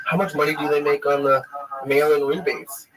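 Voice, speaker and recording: A man co-hosting a casual chat, mostly reacting and asking quick questions. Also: a little high, flat delivery, a bit bright. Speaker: co-host. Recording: crowd noise in the background.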